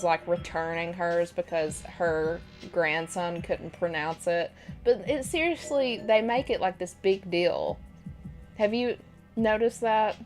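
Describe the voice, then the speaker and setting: A young woman live streamer rambles through casual stories while gaming, laughing often as video game music plays in the background. Her voice is lowish and a little mellow.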